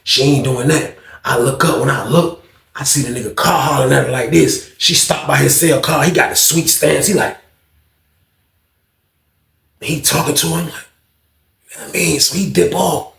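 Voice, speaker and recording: Gravelly man telling a wild story. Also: a little high, normal speed, long pauses, reverberant. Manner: animated, profane, acts out other people's voices. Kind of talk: casual storytime monologue.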